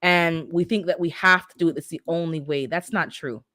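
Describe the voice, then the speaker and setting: A woman's voice: lowish voice, normal speed, sharp tone. A middle-aged woman who immigrated to North America, hosting a casual livestream and chatting back to her viewers' comments. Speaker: livestream host reading the chat.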